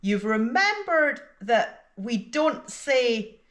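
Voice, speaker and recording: Woman teaching english really slowly, lots of up and down in her voice. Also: medium pitch, very animated, fairly bright tone. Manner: slow and deliberate, with exaggerated intonation in examples. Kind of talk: slow scripted lesson narration.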